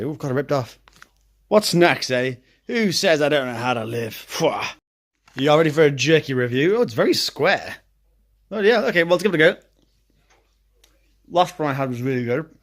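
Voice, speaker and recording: A young man chats through his daily vlog, thinking aloud in a relaxed, self-deprecating way. His voice sits a little higher than most men's. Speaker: vlogger. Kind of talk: casual vlog narration.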